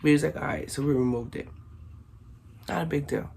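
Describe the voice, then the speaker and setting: A woman telling a casual storytime to her viewers, slangy and animated, acting out what everyone said. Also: low-pitched, a little fast, creaky, slightly rough. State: recovering from illness. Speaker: vlogger.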